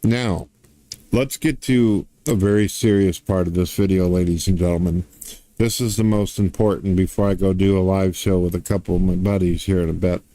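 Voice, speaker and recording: A middle-aged man delivers a profane, swaggering rant straight to his viewers. His voice sits low with a dark, mellow timbre. The sound is close and dry, with no room around it. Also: fairly even intonation, moderate pace, no room sound. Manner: crude, blunt, swaggering, lots of swearing. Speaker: online commentator.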